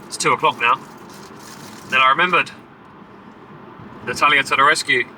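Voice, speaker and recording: Chatty guy doing a travel vlog, really bright sharp voice, bit of road noise behind. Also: medium pitch, normal speed, low-quality recording. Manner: chatty, excitable, talks to camera while driving. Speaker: travel vlogger. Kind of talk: casual travel vlog chat. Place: in a car and outdoors.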